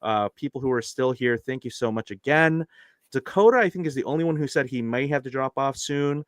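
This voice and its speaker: Rambling podcast host, dry close sound. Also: male voice, mid-range voice, animated, a little fast, no room sound. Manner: rambling, hesitant, many fillers. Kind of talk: live-streamed podcast chat.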